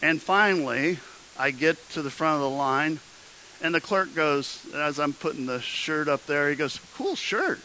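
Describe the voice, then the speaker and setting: Bright-voiced pastor telling a sermon story. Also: male voice, on the high side, fairly even intonation, normal speed, a little hiss or hum, rough recording. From Midwestern United States. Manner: conversational with frequent restarts, rising to emphatic exhortation.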